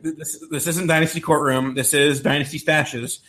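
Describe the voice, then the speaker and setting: A man's voice: on the high side, steady tone, normal speed, a bit bright. A man co-hosting a podcast, steadily laying out his analysis in casual chat. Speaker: podcast co-host.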